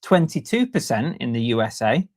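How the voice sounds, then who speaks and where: A man's voice: medium pitch, big pitch swings, normal speed, a little mellow, no echo. A man co-hosting a casual podcast, chatty and jokey as he reads out listener stats. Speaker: podcast co-host. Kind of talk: casual chat.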